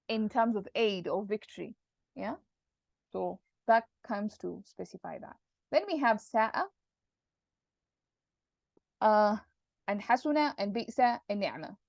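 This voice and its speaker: A woman's voice: fairly high pitch, darkish tone, dry recording. A woman teaching an Arabic grammar lesson, explaining patiently and posing questions to her students. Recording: dull, dry lo-fi recording.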